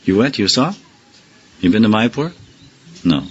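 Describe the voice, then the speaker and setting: A man's voice: on the low side, lively intonation, moderate pace, breathy edge, muffled recording. A man teaching a scripture class in a loose, conversational way, firing rhetorical questions at his listeners and chuckling now and then. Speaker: spiritual teacher.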